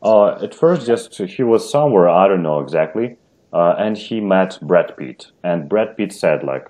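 Deep voiced russian guy teaching english online, reads a story then asks questions. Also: lively intonation, measured pace, warm tone. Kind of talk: online language lesson.

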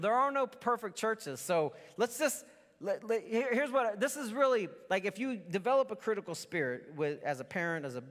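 A man's voice: high-pitched, fairly bright tone. A middle-aged male pastor preaching a casual, conversational sermon full of asides and restarts. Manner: informal, rambling asides and restarts. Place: church sanctuary. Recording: long church reverb.

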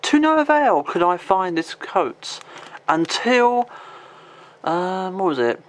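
A man's voice: high voice, sing-song, slow pace. A man in his twenties with a rambling, filler-heavy way of talking, casually showing off an item in a home vlog and swearing at his pet now and then. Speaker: vlogger. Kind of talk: casual show-and-tell vlog.

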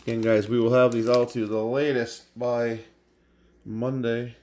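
A man's voice: mid-range voice, level tone, measured pace, a little mellow, a little hiss or hum. A man hosting a card break, calling out card names one at a time as he opens packs. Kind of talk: live card-break commentary. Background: crinkling and tearing of packs.

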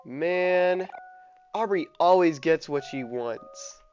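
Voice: mid-range voice, takes it slowly, a little mellow, pitched above the performer's own voice, lightly acted. A gamer voicing a cocky, teasing young boy with a spunky, brash manner, over a dull lo-fi mic with faint game music. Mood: defensive.

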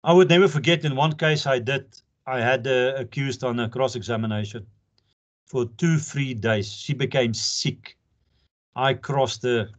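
The speaker, an older man from South Africa, has a mid-range voice and a measured pace. He's an advocate giving pupils an informal lecture, earnest yet jokey, laughing often, captured in a dull lo-fi recording.

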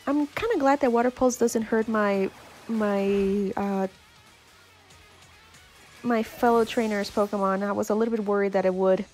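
A woman's voice: medium pitch, fairly even intonation, normal speed, pauses often, a little mellow, faint music behind. A woman giving casual, giggly, chatty commentary while playing a video game. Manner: giggly, chatty, self-deprecating. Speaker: let's-play host.

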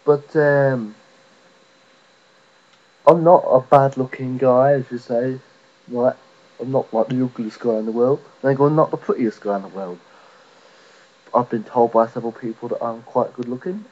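A man's voice: mid-range voice, normal speed, pauses often. Sweary man ranting, lo-fi recording. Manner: rambling, sweary, mocking. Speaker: vlogger. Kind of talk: profane rant to camera.

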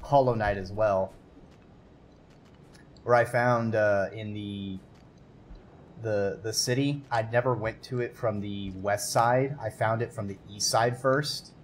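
A fairly low-pitched, unhurried male voice with long pauses comes through, along with a little hiss or hum. He's streaming a game and talking to himself and viewers in casual commentary, excitably swearing and yelping at what happens on screen.

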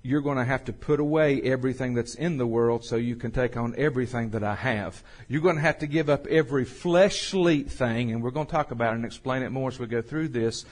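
A man preaching a sermon as pastor, slowing and swelling when he reads scripture. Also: medium pitch. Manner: folksy, swells louder and slower on scripture.

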